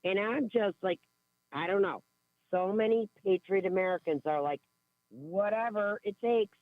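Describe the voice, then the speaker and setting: A woman calling into a radio show, talking in an excitable, giggly way with bursts of exclamations. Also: lowish voice, moderate pace, no room sound. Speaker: caller. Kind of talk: call-in radio chat. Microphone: telephone. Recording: tinny phone line.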